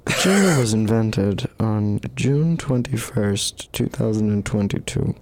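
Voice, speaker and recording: A young man co-hosting a college podcast, telling a story in a slow, drawling, mock-grand way. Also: lowish voice, expressive, a little mellow. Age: young adult. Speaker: podcast co-host. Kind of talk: casual chat.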